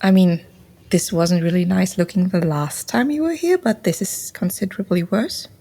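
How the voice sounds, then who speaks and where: A woman's voice: on the low side, animated, normal speed, gravelly, mellow. A woman playing a tabletop game, asking short questions. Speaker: player.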